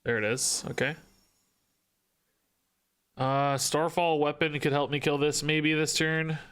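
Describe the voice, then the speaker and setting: Bright, clear-voiced male game streamer. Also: on the high side, fairly even intonation, slow pace. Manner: thinking aloud, self-questioning, joking. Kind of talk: live-stream gameplay commentary.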